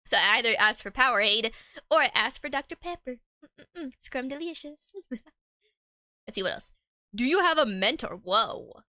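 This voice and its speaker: A woman's voice: a little high, expressive, normal speed, long pauses, sharp tone, no room sound, studio quality. A woman chatting casually on a live stream, rambling in slang and laughing often.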